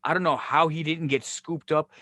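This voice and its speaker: This is a man spinning wrestling yarns on a podcast, a touch high in his voice. He swears easily and acts out every quote. The sound is close and dry. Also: normal speed, no echo. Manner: animated, profane, acts out quoted dialogue. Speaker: podcast host, former wrestling booker. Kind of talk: casual storytelling chat.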